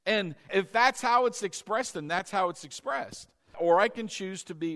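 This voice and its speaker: Male pastor preaching with a high, very expressive voice, calls for congregation replies. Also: normal speed, vocal fry. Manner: animated, shifts between loud exclamations and soft teaching. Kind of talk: sermon.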